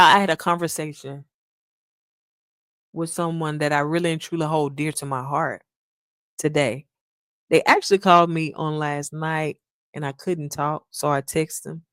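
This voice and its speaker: Earnest woman podcaster, low dry voice. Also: a bit bright, no room sound. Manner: earnest, addresses listeners as "y'all", acts out quotes. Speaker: podcast host. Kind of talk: casual reflective monologue.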